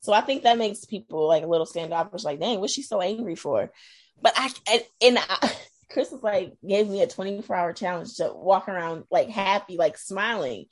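Speaking at normal speed in an animated, medium-pitched voice, a middle-aged woman from Iowa shares her experience as a guest. The conversation is casual; she's chatty, laughs a lot, and occasionally trails off into doubt.

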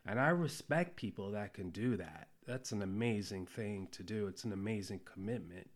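A man in his forties, a chef and podcast guest, telling stories in a relaxed way with lots of fillers. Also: on the low side, moderate pace. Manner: relaxed storytelling with many fillers. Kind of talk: casual conversation.

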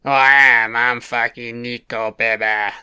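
Slow-talking, heavily swearing man. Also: medium pitch, level tone, sharp tone, smooth. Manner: heavy swearing, chatty reactions. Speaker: film commentator. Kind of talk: casual film commentary.

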